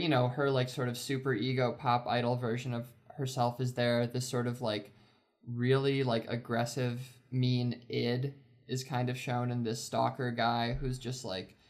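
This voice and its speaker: A man's voice: medium pitch, level tone, normal speed, darkish tone. A man on a movie podcast, working through his reading of a film with many fillers and hesitations. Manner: hesitant, filler-heavy analysis. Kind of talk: casual movie discussion.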